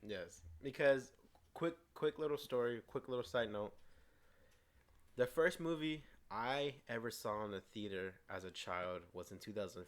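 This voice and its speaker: A man co-hosting a casual movie review, eagerly retelling scenes and stumbling over his words. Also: fairly low pitch. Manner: frequent restarts and stumbles. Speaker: co-host of a movie review show.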